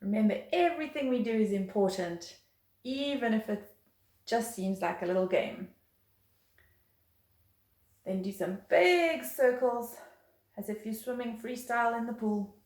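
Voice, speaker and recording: A woman's voice: fairly high pitch, measured pace, pauses often, a little mellow. A woman teaching a beginner violin lesson, patient and encouraging, counting rhythms aloud. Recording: roomy echo.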